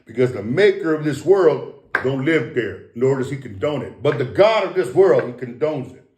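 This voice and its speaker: A man's voice: mid-range voice, lively intonation, normal speed, a little hiss or hum. A man of Samoan heritage, a guest talking in a casual, rambling monologue, profane and preachy, repeating and restarting his words. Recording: roomy echo.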